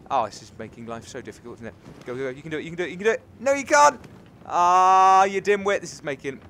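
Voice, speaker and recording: A British man from England giving excitable let's-play commentary, cheering and scolding the game as he plays. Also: medium pitch, racing, slight background noise. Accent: British English. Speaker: gaming channel host.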